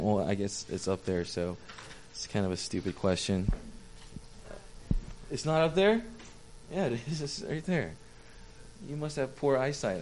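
A man's voice: medium pitch, slight background noise. Joking, chatty young pastor, a man. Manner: chatty, self-deprecating, talks with the audience. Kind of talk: casual sermon to a small congregation.

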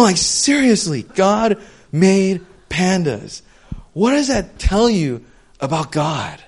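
A young male preacher with a slightly high voice talks to his congregation in an easygoing, conversational way. He tells stories in a lively manner and scatters "um" and "like" through his speech. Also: slightly rough. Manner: chatty, many fillers like "um" and "like", animated storytelling. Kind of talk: casual conversational sermon.

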